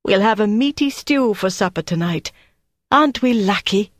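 An audiobook narrator voicing a cheerful, devoted wartime housewife, speaking brightly and far higher than their usual voice. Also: brisk, gravelly, husky, dry recording, studio quality. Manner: bright, chirpy.

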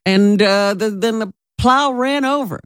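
A woman's voice: medium pitch, a little slow, no echo, studio quality. A woman co-hosting a radio talk show, reacting with easy amusement.

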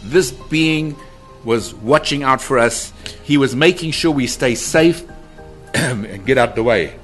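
A man's voice: medium pitch, slow pace, a bit bright, faint music behind. A middle-aged man telling of a paranormal encounter with drama, acting out quotes and repeating his phrases. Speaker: guest describing a paranormal encounter. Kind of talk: animated storytelling.

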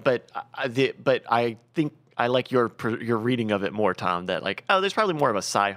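A man co-hosting a casual talk show, giving his thoughts in a relaxed, hedging way. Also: lowish voice. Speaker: co-host. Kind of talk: casual chat.

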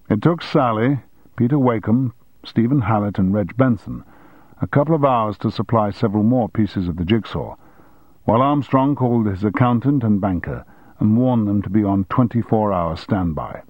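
A man narrating a novel in a measured, even storytelling manner. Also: lowish voice, no echo, phone-quality sound. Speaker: audiobook narrator. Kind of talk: scripted narration.

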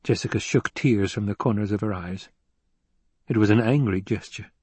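A man narrating a novel in a measured, even storytelling manner. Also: lowish voice, slightly rough, no echo. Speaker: audiobook narrator. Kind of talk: scripted narration.

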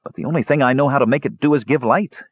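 A young mage, voiced by a man reading the story, mumbles bitter, self-mocking remarks in a raised, husky voice. He sounds worn out and queasy. The recording is dull and lo-fi. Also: medium pitch, fast, voice pushed up, close to an everyday voice. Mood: weary. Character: young male mage, weary and seasick.

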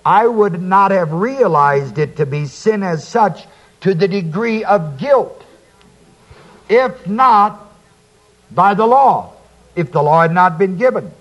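A man's voice: high voice, lively intonation, low-quality recording. A man teaching through a Bible passage verse by verse, reading scripture aloud and then explaining it. He asks his listeners to fill in key words. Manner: slow, deliberate, quotes scripture then explains. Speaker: preacher.

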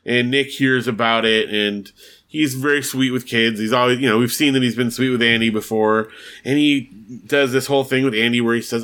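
A man's voice: medium pitch, steady tone, brisk, fairly bright tone. A man co-hosting a podcast, casually retelling a TV episode in a chatty way and leaning often on "like". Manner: chatty storytelling with frequent "like". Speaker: podcast co-host.

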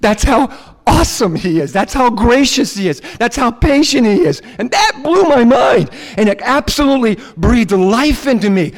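A man who is a pastor, preaching a sermon in a casual, animated way and acting out quotes. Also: very high voice, normal speed. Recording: long hall reverb.

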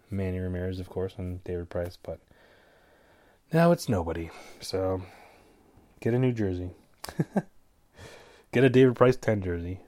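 A man's voice: lowish voice, a little mellow. Stuffy-nosed man rambling casually. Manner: rambling, jokey asides, stumbles over names. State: stuffy nose. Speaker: podcast host giving fight picks. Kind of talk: casual solo commentary.

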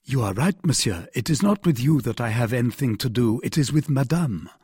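A man's voice: mid-range voice, lively intonation, a little fast, darkish tone, slightly rough, dry recording, clean studio sound. A man voicing a proud, hot-headed young swordsman who pleads earnestly. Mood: firm.

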